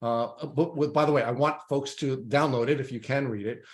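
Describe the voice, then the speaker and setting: A man hosting an interview podcast, talking in a halting way with many restarts and repeated words. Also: medium pitch, steady tone. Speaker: podcast host. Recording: roomy echo.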